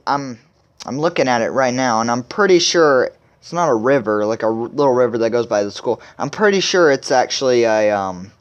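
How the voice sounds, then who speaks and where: Rambling young man, smooth clear voice. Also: mid-range voice, muffled recording. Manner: rambling, filler-heavy, says "like" often. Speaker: video host. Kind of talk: casual chapter recap.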